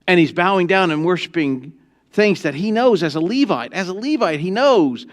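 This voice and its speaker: Animated preaching man, high voice. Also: normal speed. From Texas. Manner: animated preaching, swinging from low asides to loud emphatic peaks; conversational and joking with the congregation. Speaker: pastor. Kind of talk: sermon. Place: church sanctuary.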